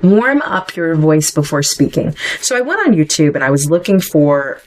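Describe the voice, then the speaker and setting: A woman's voice: low voice, very animated, moderate pace, darkish tone, poor audio. A middle-aged woman hosting a solo podcast. She talks in a conversational way and often wanders into asides before coming back to her point. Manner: conversational, chatty with digressions. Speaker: podcast host.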